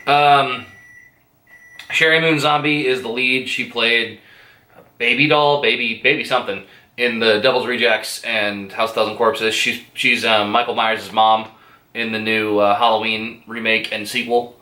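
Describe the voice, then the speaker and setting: Male reviewer, rambly and crude, bright voice, roomy echo. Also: medium pitch, fairly even intonation, measured pace. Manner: rambling, profane, hesitant with many fillers. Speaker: movie reviewer. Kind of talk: casual spoken movie review.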